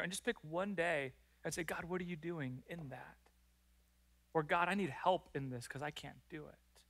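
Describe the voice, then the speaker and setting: Male pastor preaching, higher than most men, bright and forceful, animated delivery that acts out little prayers. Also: moderate pace, vocal fry. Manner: animated, acts out prayers and complaints in lively voices. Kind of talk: sermon. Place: church.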